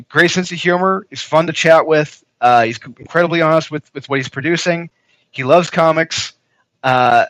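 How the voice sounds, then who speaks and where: A man who creates comics, speaking as a guest in a casual interview, hesitant and full of pauses. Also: mid-range voice, a bit bright, no echo, low-quality recording. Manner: hesitant, lots of "uh" fillers and restarts.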